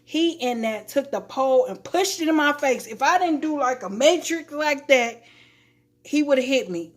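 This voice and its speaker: Animated woman telling a story. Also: high-pitched, moderate pace. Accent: Chicago. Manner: animated, acts out quotes, laughs often. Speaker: live streamer. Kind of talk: casual storytelling to stream viewers.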